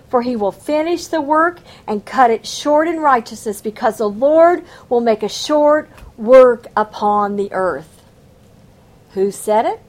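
A woman's voice: on the high side, lively intonation, unhurried. A woman teaching a Bible study, reading scripture aloud and adding emphatic, folksy commentary.

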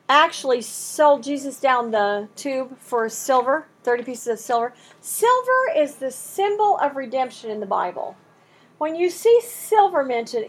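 A woman leads a Bible study with a lively, expressive delivery. Her voice sits high and a little breathy, and it swoops up and down as she acts out both sides of an old bargain. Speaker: Bible teacher. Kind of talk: animated Bible study teaching.

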